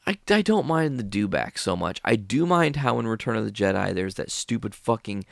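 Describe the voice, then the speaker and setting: A man's voice: fairly low pitch, sing-song, moderate pace, gravelly, no room sound, studio quality. A man hosting a solo podcast, ranting bluntly with heavy profanity. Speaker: podcast host.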